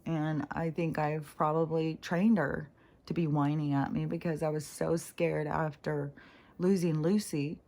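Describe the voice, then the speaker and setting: A woman with a notably deep, low voice talks to camera in a loose spiritual vlog. She meanders and reflects on herself, leaning on fillers. Her nose is runny. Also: little pitch movement, a little slow, dark tone. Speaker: spiritual vlogger. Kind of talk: casual rambling monologue.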